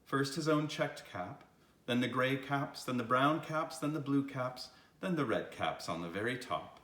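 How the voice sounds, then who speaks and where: Older man, grandfatherly picture-book reader, lively bright voice, roomy echo. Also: mid-range voice, unhurried. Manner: expressive, swooping read-aloud delivery. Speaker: storyteller reading to children. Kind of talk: picture-book read-aloud.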